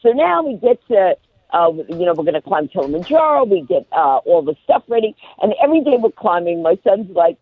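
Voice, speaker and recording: A woman guest, a comedian and motivational speaker, telling a comic story at a rapid-fire clip on live radio and acting out the voices of the people in it. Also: medium pitch, no echo. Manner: rapid-fire, animated, acts out quoted voices. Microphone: phone. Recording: tinny phone line.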